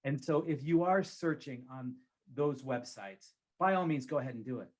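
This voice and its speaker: A man's voice: mid-range voice, lively intonation, moderate pace. Emphatic man giving real estate advice. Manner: emphatic, repeats key phrases for stress. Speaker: real estate agent and show expert. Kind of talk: conversational advice talk.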